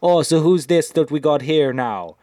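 A man's voice: on the high side, lively intonation, moderate pace, mellow, no room sound, clean studio sound, voice pushed up, natural voice. A man mimicking a female video game character who puts on a wobbly fake Jamaican accent, in a mocking parody voice.

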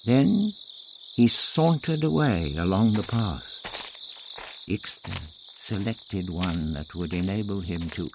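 A man narrating a story as an audiobook in a measured storytelling manner. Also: lowish voice, noisy background.

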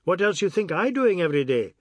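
A man's voice: high voice, sing-song, fairly quick, no room sound, voice pushed up. An actor playing a brash, melodramatic man who talks in clipped island dialect and swings from teasing to bawling. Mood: breezy teasing. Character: brash loud middle-aged man, boastful then maudlin.

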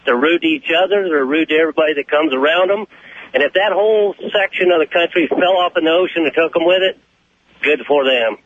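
A man's voice: on the high side, a little fast. Ranting male caller on a tinny phone. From Oregon. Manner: heated, ranting, plainspoken. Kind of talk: phoned-in radio call.

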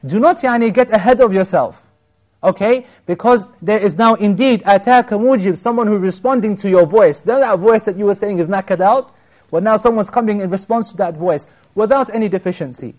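A man teaching an Islamic lesson, retelling a story with animated restarts and Arabic phrases. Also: high-pitched, moderate pace.

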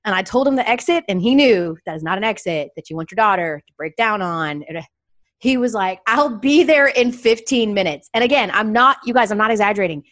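A young woman from Atlanta, a sports TV anchor telling family stories as a podcast guest, animated and quick to imitate her dad's voice. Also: dry recording. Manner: animated, acts out her dad's voice with big pitch jumps. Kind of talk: casual storytelling chat.

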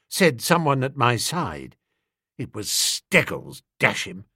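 A man narrating a comic story as an audiobook, in a brisk, animated storytelling manner. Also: mid-range voice, vocal fry, breathy edge, dry recording, studio quality.

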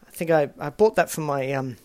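A man's voice: fairly high pitch, expressive, brisk. A man hosting a casual solo podcast, talking in a chatty, self-deprecating way full of rambling asides. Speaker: podcast host.

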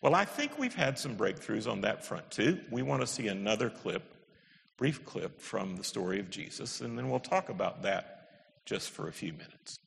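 A man's voice: on the low side, very animated, normal speed, creaky, a bit bright. A man giving an emphatic lecture, with wry asides and stressed key words. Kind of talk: animated lecture on the Bible. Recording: echoey hall with long reverb.

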